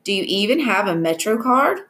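A woman's voice: medium pitch, very animated, moderate pace, a bit bright. A woman reading aloud as an anxious, apologetic mother who fusses over her children. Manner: anxious, fussing.

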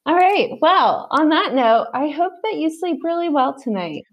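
A woman's voice: high voice, big pitch swings, normal speed, lo-fi sound. A woman in her thirties co-hosting a podcast, chatting casually and laughing often. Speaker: podcast co-host. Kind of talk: casual chat.

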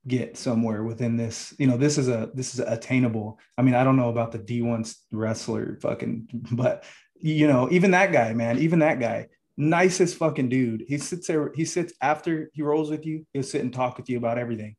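A man's voice: mid-range voice, fairly quick, a little mellow. Man, podcast co-host, casual chat, laid-back, heavy swearing.

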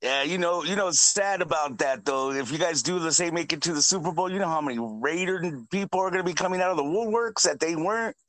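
A laid-back man in a casual sports chat whose voice sits a little high. He sounds close and dry, with no room around him, and mostly agrees and chimes in. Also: fast talker, few pauses, a bit bright, dry recording. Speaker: podcast co-host.

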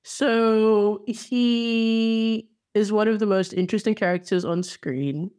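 A woman's voice: medium pitch, fairly even intonation, slow pace, a little mellow, clear, resonant tone. A woman co-hosting a podcast, chatting casually and enthusiastically about television with playful asides. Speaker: podcast co-host. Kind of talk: casual chat.

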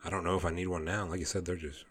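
A man with a very deep voice hosts a casual podcast, reading out movie news. His replies are short, dry and laid-back. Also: level tone, rapid-fire, a bit bright, husky. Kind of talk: casual chat.

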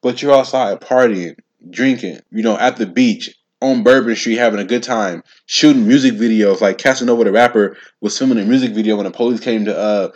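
A man's voice: on the low side, fairly quick, lo-fi sound. Slangy young man on a solo rant. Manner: animated, repeats himself, slangy, talks straight to listeners. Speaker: podcast host. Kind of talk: casual solo commentary.

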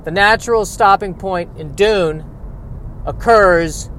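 A man hosting a solo comedy podcast from his car, wry and self-deprecating, breaking into loud exasperated rants. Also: high voice, takes it slowly. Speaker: podcast host. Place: in a car while driving and parking.

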